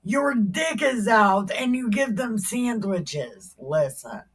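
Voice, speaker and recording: A woman's voice: medium pitch, expressive, slow pace, breathy edge. A woman retelling Bible stories in an irreverent, joking way, often laughing and exclaiming. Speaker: Bible storyteller.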